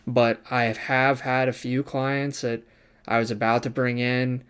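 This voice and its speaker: Young man, barber student, casual storytelling, smooth clear voice, mid pitch, animated retelling. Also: a little slow. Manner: animated, swears casually, acts out quoted people.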